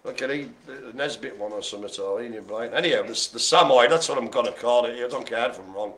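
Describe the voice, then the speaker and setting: A man with a medium-pitched, slightly bright voice runs a live-streamed bingo game at a quick pace. Between calls he makes puns, laughs a lot, and rambles in friendly tangents.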